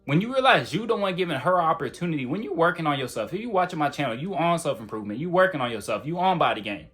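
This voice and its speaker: A man's voice: on the high side, big pitch swings, fast, fairly bright tone, soft background music. A man giving casual, blunt self-improvement advice straight to the camera, in a slangy, conversational way. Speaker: self-improvement video creator.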